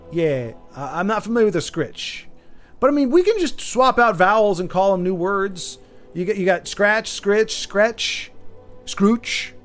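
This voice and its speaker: Joking male streamer, fairly high voice. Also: expressive, a little slow, fairly bright tone. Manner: joking, rambling chat with viewers. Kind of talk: casual gaming commentary. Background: faint game music.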